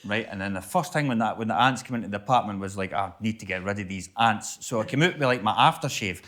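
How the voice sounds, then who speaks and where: A man's voice: on the low side, fast talker, a bit bright. Chatty Scottish man with a Stirlingshire accent. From Stirlingshire, Scotland. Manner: rambling, repeats and restarts, chatty. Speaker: guest poet. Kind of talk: festival Q&A answers. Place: live festival event, audience present.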